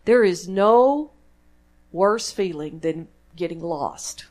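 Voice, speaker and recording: A woman's voice: on the low side, lively intonation, slow pace, darkish tone. A woman with a Texan accent preaching a sermon in church, in a conversational, folksy way that draws the congregation in with questions. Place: church sanctuary.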